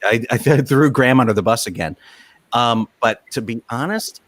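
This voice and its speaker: A man co-hosting a casual chat over a video call, teasing and quick to laugh. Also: mid-range voice, animated, fairly bright tone, no echo. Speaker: co-host.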